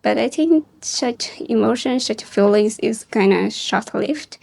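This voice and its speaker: Woman test candidate, Vietnamese accent, fast and hesitant, vocal fry. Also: fairly high pitch, a little mellow. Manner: hesitant fillers, fast nervous speech. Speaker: exam candidate. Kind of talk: mock speaking exam answer.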